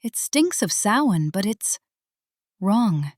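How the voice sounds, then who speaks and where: A woman speaking slowly on a casual podcast. She drops wry, whimsical asides in a fae persona. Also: mid-range voice, very animated, a little mellow, no echo. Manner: slow, wry, whimsical quips.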